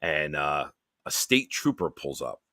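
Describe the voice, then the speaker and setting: A man hosting a late-night live stream hangout, telling stories in a profane, animated way. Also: rumbling low, a little slow, no echo, studio quality. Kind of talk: casual late-night storytelling.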